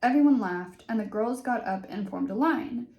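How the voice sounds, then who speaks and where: A woman's voice: fairly high pitch, expressive, moderate pace, dull audio. Young woman, casual book reader, dry sarcastic commentary, room echo. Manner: wry, sarcastic asides. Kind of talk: reading a teen novel aloud with commentary. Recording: roomy echo.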